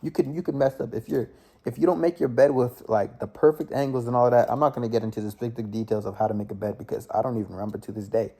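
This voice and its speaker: A man's voice: medium pitch, fairly even intonation, fast talker, warm tone. A young man telling a personal story in a casual, rambling way. He often checks in with "right?" and restarts his sentences. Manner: rambling, with many "right?" tag questions and restarts.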